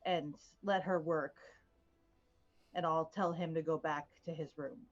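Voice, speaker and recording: Woman, slow calm speech, low voice, dull lo-fi sound with faint music. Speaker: player. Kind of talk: tabletop game play.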